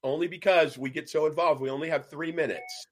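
A man's voice: a little high, fairly even intonation, brisk. A man hosting a casual interview, chatty, jumping in with questions and asides. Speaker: host.

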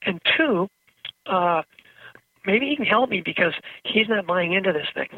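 A man's voice: high voice, animated, moderate pace, distant mic. A man speaking as a therapist guest on a radio show, explaining his work with kids through stories. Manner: explanatory, storytelling with acted-out quotes. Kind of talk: phone-in radio interview. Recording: tinny, husky phone line.

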